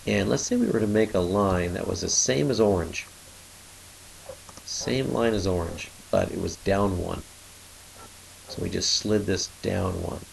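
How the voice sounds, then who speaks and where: A man's voice: low-pitched, unhurried, gravelly, pauses often, a little hiss or hum, rough recording. A man explaining a math problem in a screencast lesson, talking it through step by step as he draws and sometimes stopping to correct himself. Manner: steady explaining, thinking aloud while drawing. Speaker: math teacher.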